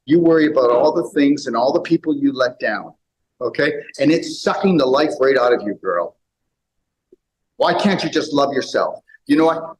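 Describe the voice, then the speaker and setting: A man speaking to a live audience in a seminar room, preachy and animated, swinging between loud and quiet. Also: fairly high pitch, low-quality recording. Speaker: health speaker.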